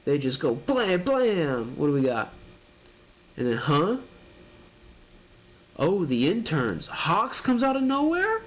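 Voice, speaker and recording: A man's voice: fairly high pitch, wildly swooping pitch, slow, long pauses. A man reading a manga chapter aloud and reacting, narrating panels casually and laughing often.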